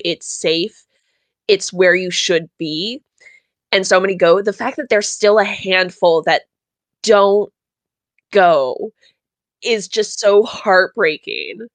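A man hosting a podcast, rambling and animated in casual chat about a favorite TV show. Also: high-pitched, no room sound. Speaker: podcast host.

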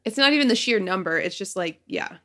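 A woman in her thirties co-hosting a podcast in relaxed casual chat, agreeable and laughing often. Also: medium pitch, brisk. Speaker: podcast co-host.

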